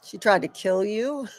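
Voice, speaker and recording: A woman's voice: high-pitched, creaky, a bit bright, no room sound. A woman co-hosting a live wrestling watch-along, teasing and cheering along. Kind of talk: live reaction chat.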